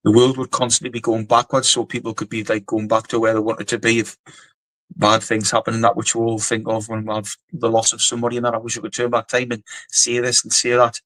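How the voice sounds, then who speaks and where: A middle-aged Geordie man tells his army stories in a blunt, rambling way, full of swearing and filler words. His pitch sits in the everyday middle, and the sound is dry and close with no room around it. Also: completely flat delivery, quick pace, a bit bright, no room sound, rough recording. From North East England. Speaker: guest, former soldier and boxer. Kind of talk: casual storytelling interview.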